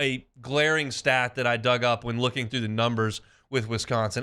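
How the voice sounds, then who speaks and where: Give me a male sports radio host with a smooth, clear voice rattling off numbers. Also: mid-range voice, a bit bright. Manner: brisk, reels off stats. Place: radio studio. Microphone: studio mic.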